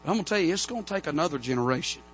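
A man preaching a revival sermon from the pulpit, telling stories and building to loud, emphatic amens. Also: a little high, lively intonation, racing, slight background noise. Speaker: pastor. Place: church sanctuary.

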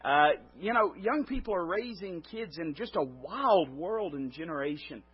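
A male preacher giving a sermon in an emphatic way, his voice swelling and then dropping low. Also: lively intonation, unhurried, husky. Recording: dull lo-fi recording.

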